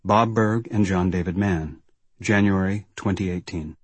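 A man reading a book's preface in a formal, measured way. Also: low voice, husky, no echo. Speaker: reader of the authors' preface. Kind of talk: scripted narration.

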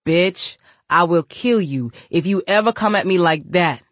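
A woman's voice: fairly low pitch, unhurried, no room sound. Woman doing a drunk, menacing man. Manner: slurred, menacing. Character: drunken grieving man, hostile, threatening.

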